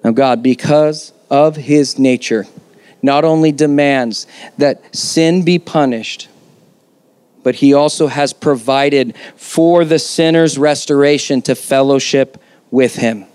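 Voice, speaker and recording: A man's voice: medium pitch, takes it slowly, darkish tone, smooth, dry recording. A man preaching a sermon as pastor, conversational yet emphatic, with rhetorical questions.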